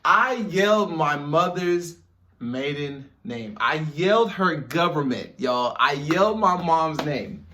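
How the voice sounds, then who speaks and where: A young man, telling a childhood story in a casual, animated way and talking straight to his viewers. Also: a little high, takes it slowly, far from the mic. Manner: animated, chatty, addresses viewers directly. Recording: echoey room, off-mic.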